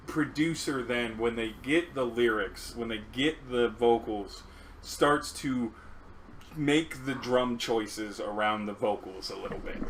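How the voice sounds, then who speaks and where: A man's voice: medium pitch, a bit bright, a little hiss or hum, poor audio. A man who raps, co-hosting a casual song review, joking, laughing and swearing as he talks. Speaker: co-host reviewing songs; rapper. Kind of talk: casual chat.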